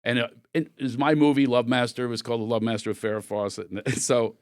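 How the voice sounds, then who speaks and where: Animated storytelling man, dry studio sound. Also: medium pitch, fast talker, dry recording. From Philadelphia area. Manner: animated, acts out voices in anecdotes. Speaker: comedian guest. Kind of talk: storytelling interview.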